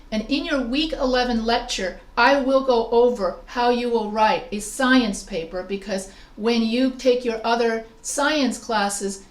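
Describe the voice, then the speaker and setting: Higher-voiced woman teaching grammar. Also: reverberant. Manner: explains slowly with examples, asks students questions. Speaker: writing instructor. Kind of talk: online class lesson.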